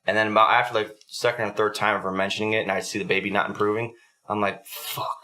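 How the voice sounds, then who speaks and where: A man's voice: on the low side, flat delivery, rapid-fire, sharp tone. A young adult man hosting a podcast, telling a story in a casual, profanity-heavy way. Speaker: podcast host.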